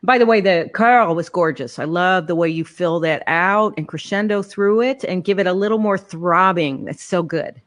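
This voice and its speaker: A woman's voice: lowish voice, moderate pace, few pauses. A woman teaching a voice master class over a video call, encouraging and sometimes sounding out phrases in French. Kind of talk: live-streamed master class coaching.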